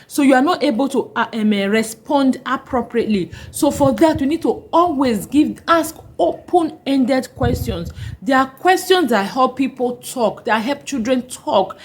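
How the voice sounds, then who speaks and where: A woman's voice: sits high, darkish tone, husky, low-quality recording. A woman hosting a parenting podcast, giving earnest, emphatic advice and repeating her key points. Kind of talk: instructional talk.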